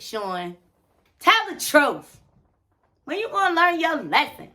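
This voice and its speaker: This is a woman with a high, bright voice running through a reality TV recap. She is gossipy and sassy and throws asides straight at her viewers. She keeps it loose and conversational. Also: expressive, normal speed. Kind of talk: casual recap commentary to viewers.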